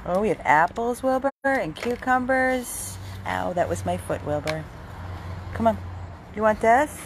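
A woman hosting a casual live stream from her dog rescue, using gentle baby talk with her dog and chatting with viewers. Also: medium pitch, expressive, a little slow, a little hiss or hum. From Florida. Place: home with dogs, indoors and out.

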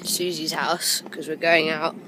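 Low-voiced woman, tipsy, rambling vlog chat, phone mic, clear street noise. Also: little pitch movement, unhurried. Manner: rambling, whispers asides. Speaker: vlogger. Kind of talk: casual drunk vlog chat. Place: walking outdoors at night. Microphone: phone held at arm's length. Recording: noisy outdoor phone recording.

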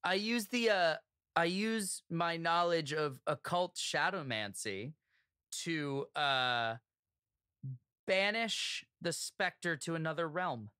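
A player in a live tabletop game, joking playfully and laughing loudly. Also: medium pitch, expressive, slow pace, clean tone, no echo, studio quality.

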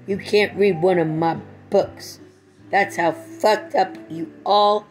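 A woman's voice: medium pitch, fairly even intonation, takes it slowly, darkish tone, faint music behind, poor audio. A middle-aged woman in a rambling personal monologue, profane and swinging between tender and angry.

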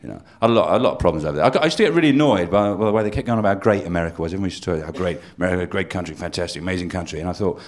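A man doing stand-up, dry and deadpan, slipping into mocking put-on voices. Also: deep voice, rapid-fire, hardly any pauses. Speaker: stand-up comedian. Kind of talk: live stand-up set. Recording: live stage recording with loud audience laughter. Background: audience laughing.

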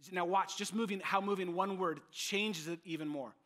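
Male pastor, bright upper voice, emphatic sermon delivery. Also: sits high, moderate pace. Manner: animated, emphatic preaching.

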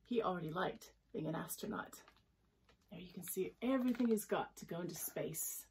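A woman's voice: on the low side, moderate pace, husky, rough recording. A woman reading a children's picture book aloud with chatty asides about the pictures. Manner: lively, expressive. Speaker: storyteller.

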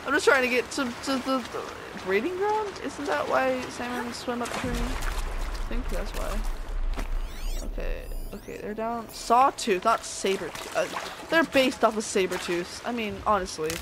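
Excitable woman narrating her gameplay. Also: on the high side, moderate pace, background noise. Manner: excitable, talks to enemies, voice shoots up when panicked. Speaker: gameplay streamer. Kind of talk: let's play commentary.

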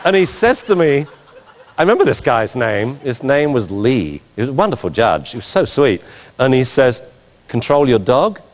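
A man giving an animated talk as a dog trainer, telling stories with laughter and mimicked sounds. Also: medium pitch, normal speed, in a large hall. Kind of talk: animated anecdotal lecture.

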